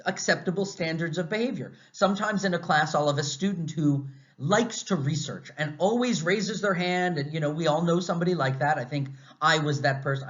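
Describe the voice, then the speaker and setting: An American man lecturing a class in a conversational, animated way, asking lots of rhetorical questions. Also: on the high side. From United States. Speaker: university lecturer. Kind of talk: recorded lecture. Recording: slightly dull, muffled audio.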